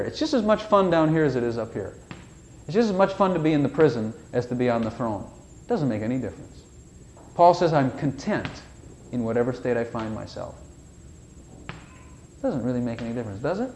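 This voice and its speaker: A man's voice: medium pitch, animated, fairly quick, a little mellow, slight background noise. Folksy man preaching a rambling sermon. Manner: folksy and rambling, with rhetorical questions. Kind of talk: conversational sermon.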